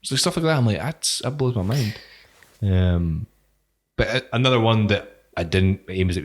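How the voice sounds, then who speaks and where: A man's voice: lowish voice, lively intonation, moderate pace. A man co-hosting a podcast, chatting casually, swearing often and laughing as he acts out his wife's lines. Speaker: podcast co-host. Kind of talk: casual chat.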